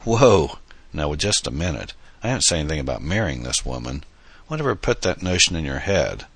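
A kindly older uncle, as the narrator voices him, genial and fatherly, with a gentle teasing streak. The bright, slightly husky voice sits close in a dry recording. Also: extremely low pitch, sing-song, fast, no room sound, heavily acted. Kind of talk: audiobook dialogue.

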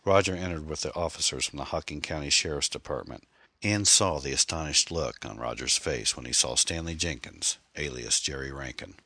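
A man reading a mystery novel aloud in a measured, dramatic narration. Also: a bass voice, sharp tone, breathy edge, no echo. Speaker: audiobook narrator. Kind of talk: scripted narration.

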